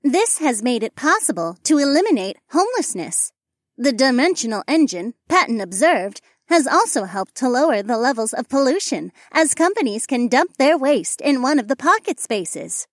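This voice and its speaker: A man's voice: extremely high pitch, sing-song, normal speed, fairly bright tone, no room sound, clean studio sound, pitched above the performer's own voice, full character voice. Abby, a man voicing a stiff robotic AI woman. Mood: formal. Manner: stiff, formal, recites company facts in full. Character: robotic female AI assistant, formal and obliging. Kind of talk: audiobook character voice.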